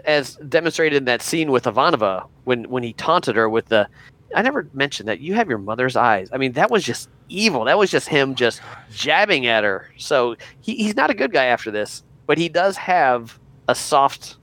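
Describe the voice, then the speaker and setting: A man's voice: medium pitch, very animated, moderate pace, fairly bright tone. A man co-hosting a podcast in casual chat, retelling stories with restarts and quotes. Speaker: podcast co-host.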